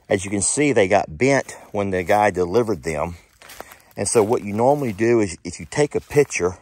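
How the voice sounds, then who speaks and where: A husky-voiced man with a drawl talks to the camera while he walks a sun-baked pasture. His pitch swings up and down as he chats in a folksy way, drops to a hush, then coos at his dogs. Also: no echo, studio quality. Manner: chatty and folksy, shifts between loud and hushed, coos at animals. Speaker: ranch vlogger. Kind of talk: casual vlog talk to camera. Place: outdoors on a hot pasture.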